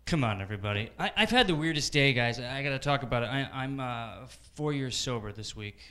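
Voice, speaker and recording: A man's voice: mid-range voice, expressive, a little fast, a bit bright. A man doing a stand-up set at a small comedy club, telling stories in a chatty way with stammered restarts. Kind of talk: open-mic stand-up set.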